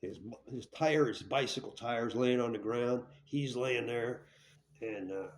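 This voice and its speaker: Speaking at a medium pitch and measured pace, a man shares a hard story from his own life in blunt, profane terms. He rambles and restarts his sentences, frequently checking in with the tag question "right?".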